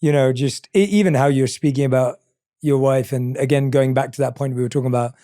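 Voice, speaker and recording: A man hosting a podcast, asking thoughtful questions in a gentle, halting way. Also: medium pitch, little pitch movement, dry recording, clean studio sound. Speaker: podcast host. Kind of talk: reflective interview questions.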